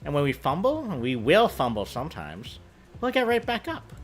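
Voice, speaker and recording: Casting: confident woman supervillain thief, breezy and conspiratorial, very lively delivery, read by a man. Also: fairly high pitch, normal speed, faint music behind. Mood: reassuring.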